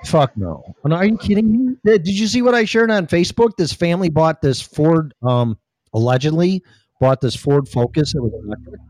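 A man's voice: fairly high pitch, animated, brisk, darkish tone, no room sound. A man hosting a casual podcast, talking in a rambling, profane way while fiddling with his audio gear. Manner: profane, rambling, distracted by equipment. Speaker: podcast host. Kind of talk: casual chat.

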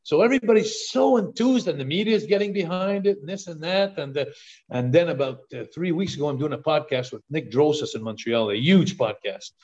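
Older man, podcast guest; eager, restart-heavy storyteller, slightly higher voice, muffled remote audio. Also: fairly quick. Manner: excited storyteller, repeats words on restarts. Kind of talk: storytelling interview talk. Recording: dull lo-fi call audio.

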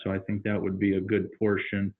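A man, a parent on a call, thinking aloud in a relaxed, casual way. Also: on the low side, a little fast, slightly rough. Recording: tinny phone line.

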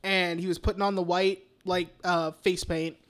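Excitable swearing man on a podcast. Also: sits high, normal speed. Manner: excited retelling, heavy swearing; acts out lines in put-on voices. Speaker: podcast co-host. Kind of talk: casual film discussion.

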